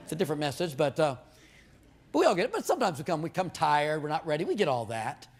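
A man with a slightly high, husky voice preaches a sermon at a quick pace. He tells humorous stories and jokes with the crowd, animated throughout, stumbling over repeated words as he builds his points.

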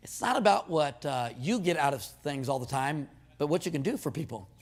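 A male preacher with a fairly high voice delivers a sermon full of anecdotes. His voice climbs sharply as he drives points home, and he repeats words as he warms up. He jokes with the congregation throughout. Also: brisk. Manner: animated storytelling, jokes with the crowd, repeated words.

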